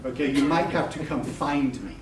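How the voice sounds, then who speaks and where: At medium pitch, a middle-aged man speaks in a steady tone and moderate pace during a casual live webinar talk. He's candid and jokey, often swearing and laughing with the audience. The recording is distant and echoey, with background noise.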